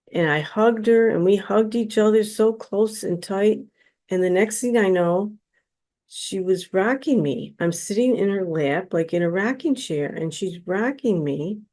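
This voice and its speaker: Woman, podcast guest, lowish voice, unhurried, earnest personal storytelling. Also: darkish tone. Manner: slow, earnest, heartfelt storytelling.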